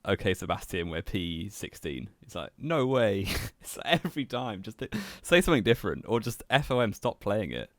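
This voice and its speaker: A man's voice: medium pitch, big pitch swings, moderate pace, few pauses, a bit bright, no echo. A young man co-hosting a podcast, dry and teasing, laughing often. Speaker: podcast co-host. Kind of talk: casual chat.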